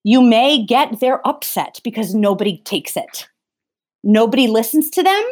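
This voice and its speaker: A woman's voice: a little high, lively intonation, moderate pace, a little mellow. A middle-aged woman talking earnestly in a conversation, emphatic and often restarting her phrases. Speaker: theatre vocal coach.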